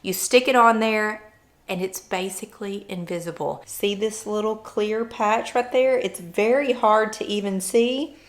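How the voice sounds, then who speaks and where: A woman's voice: medium pitch, measured pace. A woman vlogger talking candidly and earnestly about her personal experience. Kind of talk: personal vlog chat.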